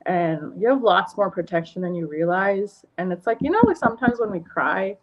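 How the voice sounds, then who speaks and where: A woman's voice: fairly low pitch, expressive, normal speed. A woman giving a livestreamed energy and tarot reading, rambling with many fillers and restarts. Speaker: energy healer and tarot reader. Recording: lo-fi muffled stream audio.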